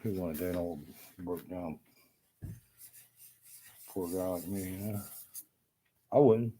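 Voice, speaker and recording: A carpenter rants to camera in a low, dark voice, speaking slowly over slight background noise. His casual rant is profane, bitter and rambling, full of loose restarts and asides.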